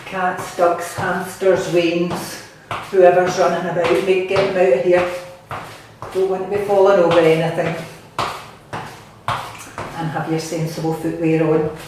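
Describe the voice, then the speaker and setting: A cheery, chatty Scottish fitness instructor, slightly out of breath, leads a guided home exercise class from her bathroom, encouraging listeners along. Her medium-pitched voice is flat and a little slow, with long pauses. The mic sits at a distance in the echoey room, and background noise comes through.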